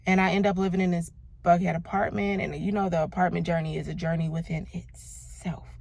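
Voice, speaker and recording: A woman's voice: lowish voice, fairly even intonation, a little fast, creaky, darkish tone, no room sound. A woman in her thirties from Los Angeles, talking casually and emphatically about her faith and her year, calling listeners "baby" and "y'all". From Los Angeles, United States. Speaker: vlogger.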